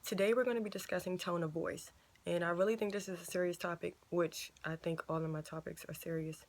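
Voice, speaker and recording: A young woman in her twenties gives a casual, conversational sermon straight to the camera. She talks emphatically and repeats her points for stress. Her voice sits a little low. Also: steady tone, a little fast. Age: 20s. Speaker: ministry video host.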